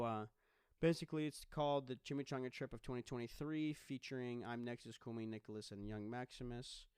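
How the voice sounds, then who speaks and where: A man's voice: mid-range voice, a little mellow, clean tone, no echo, studio quality. A man hosting a solo podcast, chatting casually in a rambling, joking way with lots of swearing. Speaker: podcast host.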